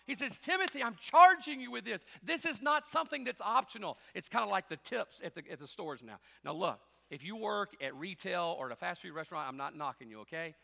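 A middle-aged man preaching a sermon as pastor, shifting between loud, driving preaching and quiet, joking asides. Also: high voice, animated, brisk, gravelly, few pauses, big-room sound. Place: church sanctuary.

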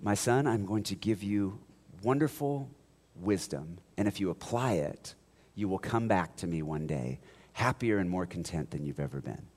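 A man's voice: low-pitched, expressive, normal speed, darkish tone. A man voicing a wise, kindly old village rabbi in a parable told during a sermon.

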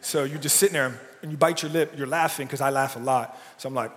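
A man's voice: mid-range voice, fast, a bit bright, in a large hall. A man preaching a casual, humorous sermon, often checking in with "right?". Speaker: pastor. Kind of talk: conversational sermon. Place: church sanctuary.

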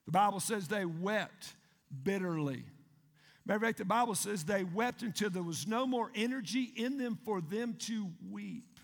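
Man, pastor, emphatic sermon, rhetorical questions, high-pitched, long hall reverb. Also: moderate pace, creaky.

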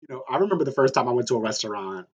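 This is a man with a husky, slightly breathy voice whose pitch swings widely as he talks. He plays the lively, teasing co-host in a casual podcast chat. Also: rapid-fire, highs cut off. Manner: animated, teasing and playful.

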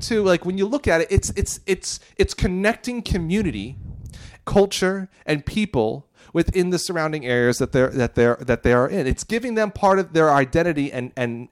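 A man co-hosting a podcast, talking casually and arguing his point, rambling with lots of restarts and repeated words. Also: on the high side. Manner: animated, argumentative. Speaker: podcast co-host. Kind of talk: casual chat.

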